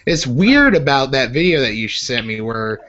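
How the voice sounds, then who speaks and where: A man's voice: mid-range voice, sing-song, normal speed, fairly bright tone. A man hosting a casual online group chat, rambling and joking with many fillers. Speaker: podcast host. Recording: slightly muffled with faint hiss.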